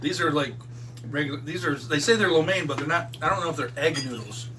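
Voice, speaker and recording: A man's voice: on the high side, quick pace, bright, forceful tone. A man co-hosting a casual cooking stream, explaining the recipe in an easygoing way. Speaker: home cook, co-host. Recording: slightly distant mic with faint hum.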